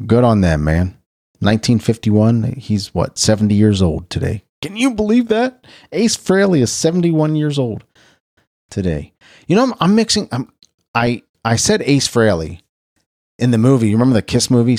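A middle-aged man hosts a radio show in a rambling, chatty way, often stopping to correct himself. His voice sits low and swings widely in pitch. The sound is dry and close, with no room around it. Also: a little mellow, no room sound. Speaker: radio host. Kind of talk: casual birthday and history rundown.

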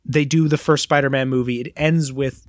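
In a studio-quality recording with no room sound, a podcast co-host with a mid-range voice speaks at a moderate pace. He tells a long story with energy during casual chat, acting out the lines of the people in it.

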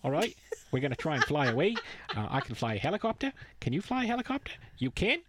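Man doing a gruff New Zealand sidekick. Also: fairly high pitch, sing-song, quick pace, noisy background. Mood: over-explaining. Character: gruff male sidekick doing clumsy exposition.

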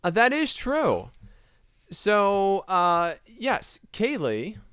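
A man's voice: high voice, huge pitch swings, very slow, a bit bright, smooth, dry recording. A man hosting a casual comedy podcast, playful and often laughing mid-sentence. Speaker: podcast host.

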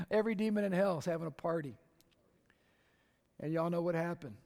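A male pastor preaching an impassioned sermon that builds to shouts, recorded in a church sanctuary. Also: high-pitched, normal speed, pauses often. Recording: echoey hall.

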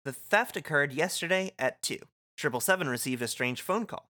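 A man reading the lines of a calm, smug teenage boy in a game, in a sly, teasing tone. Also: fairly high pitch, normal speed.

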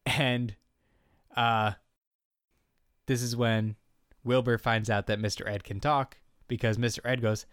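A man's voice: mid-range voice, fairly even intonation, measured pace, long pauses, fairly bright tone, dry recording, clean studio sound. A man co-hosting a casual comedy podcast, recapping an episode in a joking, laid-back way.

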